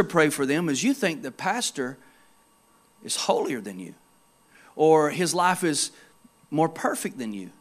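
Pastor guy preaching, pretty high voice, tells stories, gets loud and pushy. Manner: storytelling, quoting others in his own voice; grows loud and emphatic in exhortation. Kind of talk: sermon.

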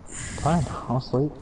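A man's voice: a little high, background noise. A young man bantering with friends during a multiplayer game, wry and teasing with frequent chuckles, on a home voice-chat mic. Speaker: gamer. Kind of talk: casual multiplayer gaming banter.

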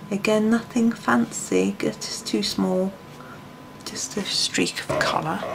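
A woman's voice: medium pitch, vocal fry, noisy background. Chatty woman musing while colouring. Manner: chatty, musing to herself, frequent ums. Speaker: colouring tutorial host. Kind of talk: relaxed voice-over tutorial, thinking aloud.

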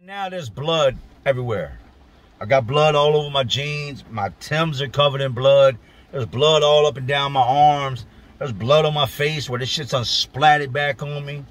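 A man's voice: medium pitch, a little slow. A man from Virginia telling a personal story on his vlog in a blunt, emphatic, profane way.

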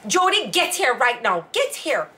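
A woman's voice: on the high side, big pitch swings, sharp tone, slight background noise, full character voice. Woman putting on a scolding churchy mother. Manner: scolding, calls on the Lord, drawn-out words. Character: strict churchgoing middle-aged mother scolding her kids.

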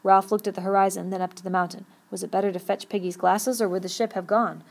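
A woman reading a novel aloud with steady, expressive storytelling. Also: mid-range voice, fast, creaky. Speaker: audiobook reader.

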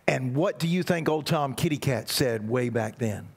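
A man's voice: medium pitch, normal speed, slightly rough. A man leading a church service as guest pastor, telling a playful children's story and leading the congregation. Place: church sanctuary.

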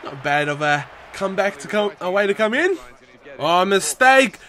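A young man commentating his own football video game match, animated and slangy, shouting at the play. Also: sits high, moderate pace. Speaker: gaming YouTuber.

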